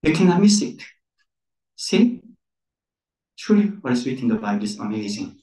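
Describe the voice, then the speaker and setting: A man's voice: medium pitch, sing-song, normal speed, mellow. A man preaching a sermon as pastor, emphatic, repeating key words with rising stress. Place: church centre. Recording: echoey room, voice from far off.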